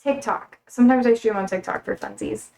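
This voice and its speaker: A woman's voice: fairly high pitch, a little fast, gravelly, darkish tone, low-quality recording. A young woman livestreaming from her kitchen, chatting casually and rambling between talk to her pets. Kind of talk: casual chat while cooking.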